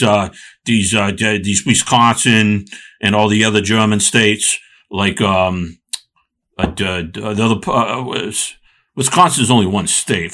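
Male co-host, lowish bright voice, rambling sports banter full of restarts. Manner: rambling, halting, many fillers and restarts. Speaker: podcast co-host.

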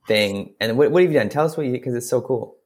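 A man's voice: medium pitch, expressive, fast. Rambling man on a podcast. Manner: rambling, filler-heavy. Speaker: podcast guest. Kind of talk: casual interview talk.

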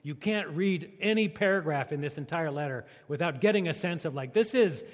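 A man's voice: a little high, expressive, fairly quick, big-room sound. Joking, conversational man preaching. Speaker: pastor. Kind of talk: sermon.

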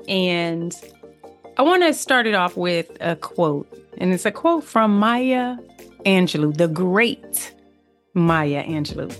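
Woman podcast host, unhurried earnest testimony, soft music underneath. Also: medium pitch. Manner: earnest preaching delivery, reads scripture aloud, grows fervent. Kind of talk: faith-based testimony podcast.

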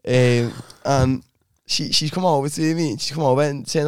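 A man's voice: mid-range voice, steady tone, normal speed, darkish tone, clear, resonant tone, no room sound, studio quality. A young man telling a rambling story on a podcast, often restarting his sentences and laughing as he goes. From Liverpool, England. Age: young adult. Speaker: podcast co-host. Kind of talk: casual storytelling chat.

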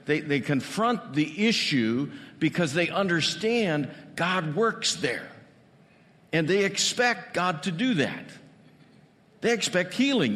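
A man's voice: on the high side, a bit bright, long reverb tail. A male pastor giving a conversational sermon, full of rhetorical questions.

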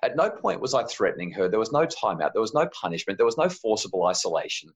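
A man, telling a parenting story in a gentle, calm way on a podcast. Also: fairly low pitch, quick pace, muffled recording. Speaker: parenting guest.

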